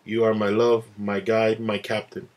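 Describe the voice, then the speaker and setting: Man reading as a lovestruck pirate first mate girl in an animated short, low flat voice, earnest and stammering. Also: measured pace, natural voice. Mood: adoring. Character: young female pirate first mate, devoted and shy.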